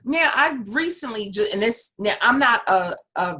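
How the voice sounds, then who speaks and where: A woman hosting an interview, chatty and quick to laugh, telling her own stories between questions. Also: on the high side, lively intonation, sharp tone. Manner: chatty, storytelling, laughs easily. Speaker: interview host. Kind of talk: casual interview chat.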